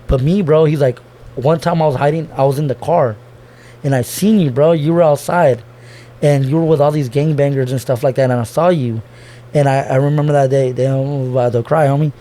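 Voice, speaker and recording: A man's voice: mid-range voice, steady tone, fairly quick, warm tone. Young man talking slangy and heartfelt. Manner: loose slangy talk, says bro constantly, swears, restarts; emotional, opening up about family. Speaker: podcast guest. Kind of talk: casual heartfelt conversation.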